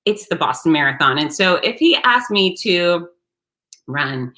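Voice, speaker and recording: A woman hosting her own show, telling a story in a blunt, salty, animated way. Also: on the low side, moderate pace. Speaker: host. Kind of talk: casual storytelling monologue.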